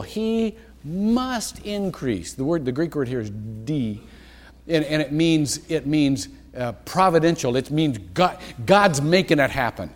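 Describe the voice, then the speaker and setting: A man's voice: fairly high pitch, animated, a little slow. A male pastor preaching a sermon in a church, rambling and interrupting himself with asides and chuckles. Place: church sanctuary. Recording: church hall reverb.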